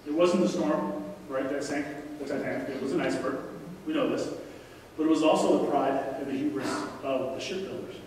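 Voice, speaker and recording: A guest preacher in his forties, mid-range and darkish in tone, speaks fairly quickly in a conversational sermon, repeating core lines and begging the congregation to listen. The large church sanctuary is heard from afar, echoing, with faint noise.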